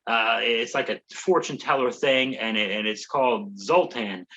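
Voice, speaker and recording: A man's voice: mid-range voice, moderate pace, pushed and bright, highs cut off. A male comedian hosting a podcast, rambling through a sarcastic, profane recap of a movie plot.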